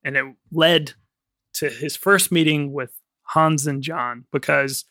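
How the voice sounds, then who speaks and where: A man co-hosting a film podcast in casual chat, rambling with lots of fillers and quick laughs. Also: a little high, bright, forceful tone, no echo, studio quality. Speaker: podcast co-host.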